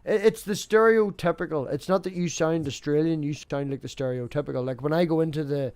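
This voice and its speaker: A man with an Irish border accent who talks fast and animatedly while hosting an open live-stream room, stoned. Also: on the high side, a little mellow, clear, resonant tone, no echo. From Ireland, border area. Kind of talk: casual live-stream chat.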